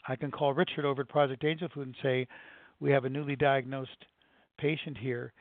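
A man's voice: mid-range voice, level tone, a little fast, no room sound. An older man, a nonprofit director, earnestly telling a story in an interview with frequent restarts. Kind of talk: conversational interview answers. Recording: dry, tinny phone-like sound.

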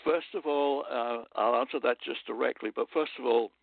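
A man's voice: mid-range voice, moderate pace, vocal fry, no room sound. An older man from London with a British accent, chatting as a podcast guest and telling anecdotes about his life. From London, England. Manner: chatty and anecdotal, with fillers and chuckles. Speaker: guest, storyteller and former radio host. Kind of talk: casual conversational storytelling. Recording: dry, phone-like line.

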